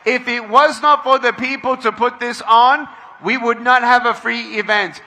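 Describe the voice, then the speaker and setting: A middle-aged man giving a motivational speech to a large crowd at an outdoor event, leading call-and-response and often shouting. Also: very high voice, fairly even intonation, moderate pace. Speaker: motivational speaker.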